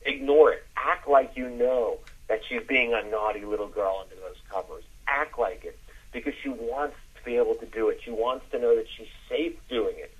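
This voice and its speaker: A man coaching listeners on a podcast, dropping his voice low to demonstrate as he explains. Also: moderate pace, husky, phone-quality sound. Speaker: dating coach. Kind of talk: instructional podcast talk.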